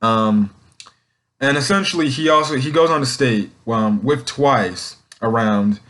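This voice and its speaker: A man's voice: mid-range voice, measured pace, a bit bright. Rambling man recapping a comic chapter. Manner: rambling, leans on "um" and "essentially". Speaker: manga chapter reviewer. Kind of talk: casual unscripted recap.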